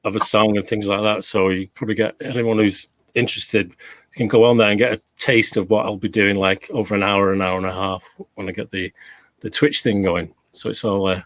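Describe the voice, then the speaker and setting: A man's voice: on the low side, little pitch movement, brisk, fairly bright tone, no echo. A middle-aged man with a Canadian accent, a DJ reminiscing in casual chat over a video call, rambling with many restarts. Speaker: DJ guest.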